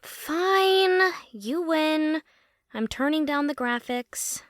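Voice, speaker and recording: A man's voice: very high-pitched, sing-song, normal speed, bright, forceful tone, no room sound, clean studio sound, pitched above the performer's own voice, exaggerated voice. A male audiobook narrator voicing a sardonic, competitive young woman gamer who grumbles and teases back. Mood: wry, grumbling. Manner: grumbling, wry.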